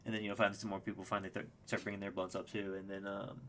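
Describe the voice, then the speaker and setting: A young man telling a story as a podcast guest, excitable and casual, swearing freely with lots of fillers and restarts. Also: on the low side, rapid-fire.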